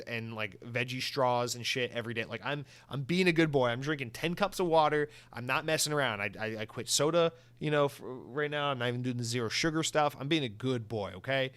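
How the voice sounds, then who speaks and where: A man's voice: medium pitch, a little fast, a bit bright, no room sound. A young man hosting a solo podcast, rambling and swearing with comic exaggeration. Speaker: podcast host.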